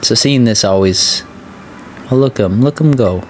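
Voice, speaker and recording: A man hosting a let's play, chatting casually and excitably as he plays. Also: a little slow, faint music behind. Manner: chatty, excitable, voice jumps high when excited. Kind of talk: casual gameplay commentary.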